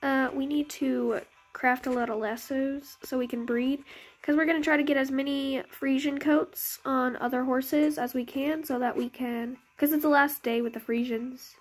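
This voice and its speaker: High-voiced young woman chatting over gameplay. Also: steady tone, moderate pace. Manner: chatty, rambling, self-correcting. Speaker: gaming YouTuber. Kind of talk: casual gameplay commentary. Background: game music.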